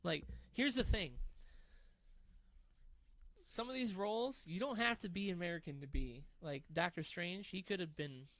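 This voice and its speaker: A man co-hosting a casual podcast, talking quickly and animatedly and swearing casually. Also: sits high, fairly bright tone, dry recording. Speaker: podcast co-host. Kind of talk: casual chat.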